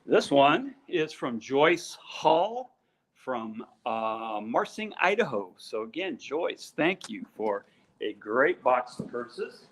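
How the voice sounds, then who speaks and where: A man's voice: medium pitch, big pitch swings, slow pace, a bit bright. A middle-aged man co-hosting a live stream, reading out names in a casual, joking way with lots of fillers. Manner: chatty, joking, many fillers. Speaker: co-host reading out purse makers' names.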